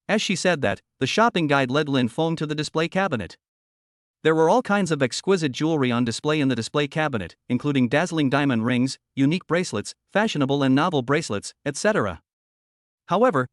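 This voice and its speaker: A man narrating a romance novel with an even, steady reading. His voice sits a little high for a man and sounds dry and close, with no room around it. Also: no room sound.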